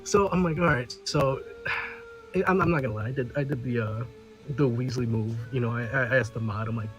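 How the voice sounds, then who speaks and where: A man's voice: medium pitch, moderate pace, soft background music. A man on a podcast, telling a story in casual chat, often laughing and swearing, with many restarts. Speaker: podcast regular.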